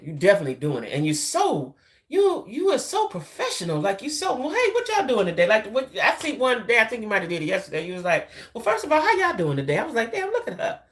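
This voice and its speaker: Deep-voiced woman chatting live. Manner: chatty, loose, repeats herself, talks to viewers as y'all. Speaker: YouTube channel host. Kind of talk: casual live-stream chat.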